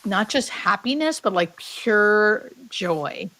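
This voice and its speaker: A woman in her thirties recounts a personal story as an interview guest. She talks in a heartfelt, meandering way, full of "like" fillers, and drops to a hushed whisper now and then. Her voice sits at an ordinary middle pitch. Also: expressive, slow pace, no room sound, low-quality recording. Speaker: guest, hospice nurse. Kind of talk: emotional storytelling.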